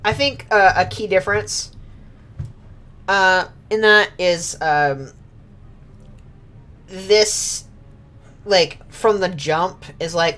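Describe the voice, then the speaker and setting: A woman's voice: low-pitched, fairly even intonation, takes it slowly, fairly bright tone. A woman streamer chatting casually over gameplay, rambling with many filler words and frequent laughs.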